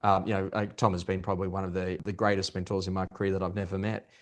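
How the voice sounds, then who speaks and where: Fast-talking man telling stories. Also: sits low. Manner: fast, animated storytelling with many restarts. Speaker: guest, performance coach. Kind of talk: conversational podcast interview.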